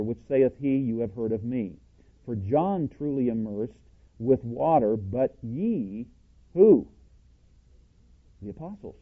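A plain-spoken man teaching a scripture-based sermon, emphatic and quizzing his listeners with rhetorical questions. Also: medium pitch. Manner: self-described cowboy, plain-spoken. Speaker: Bible teacher. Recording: tinny phone-like audio.

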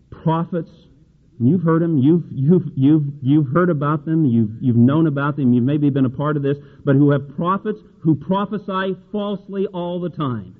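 A man delivers a folksy sermon and reads scripture aloud. His voice climbs to an emphatic pitch on the key verses. The sound is thin and tinny, like a phone line. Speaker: preacher.

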